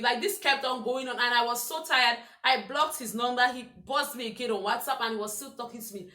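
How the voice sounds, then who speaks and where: A young woman vlogger telling a story in a casual, exasperated, animated way. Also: fairly high pitch, brisk, hardly any pauses, reverberant. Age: young adult. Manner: animated, exasperated retelling with quoted voices.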